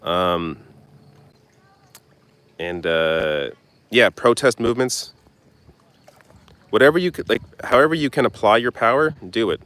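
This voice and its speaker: A man's voice: medium pitch, measured pace, pauses often, fairly bright tone, no room sound. A young man hosting a casual live stream outdoors, answering viewer questions in a blunt, loose way. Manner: casual, blunt, swears and laughs off distractions. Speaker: political commentary host. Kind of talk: live stream Q&A reading chat.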